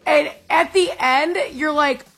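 A woman co-hosting a casual radio chat, telling stories in an animated way and often laughing. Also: high-pitched, slow pace, faint music behind. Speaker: co-host.

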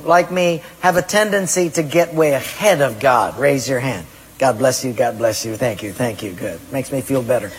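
A man's voice: on the high side, breathy edge. A male pastor preaching a sermon, questioning the congregation directly between stories. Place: church hall. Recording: echoey hall reverb.

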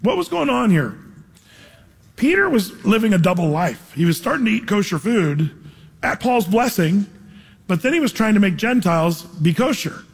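Pastor guy preaching, emphatic and chatty, kinda husky, big echoey hall. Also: sits high, big pitch swings, normal speed. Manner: conversational, emphatic preaching with acted asides. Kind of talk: sermon. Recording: hall reverb.

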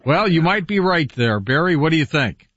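A man hosting a talk radio show, taking calls briskly. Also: on the high side, very animated, a bit bright, dry recording. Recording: dry, slightly dull radio audio.

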